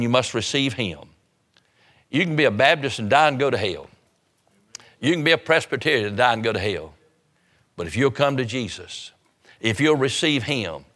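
A man's voice: mid-range voice, fairly bright tone. A man preaching an evangelistic sermon, urgent and fervent, hammering home repeated phrases.

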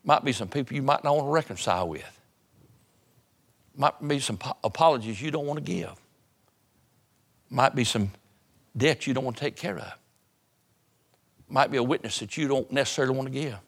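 A man preaching a sermon to his church in a conversational way, repeating phrases and dropping his voice low for emphasis. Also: moderate pace, long pauses. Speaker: pastor.

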